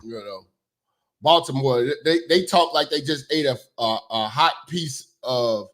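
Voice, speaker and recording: A man's voice: on the high side, normal speed, fairly bright tone. A man hosting his own commentary show, talking in a blunt, profane, rambling way with lots of fillers. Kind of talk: casual opinion commentary.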